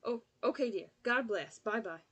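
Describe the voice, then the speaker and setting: Woman voicing a hurried, anxious woman on the phone. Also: a little high, expressive, fairly bright tone. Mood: urgent.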